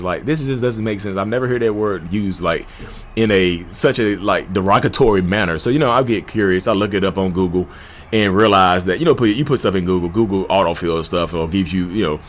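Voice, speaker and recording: Fast-talking candid man, low voice. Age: 30s. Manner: candid, conversational, addresses listeners as "y'all"; jumps to shouting pitch when reenacting arguments. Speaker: podcast host. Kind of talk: personal storytelling monologue.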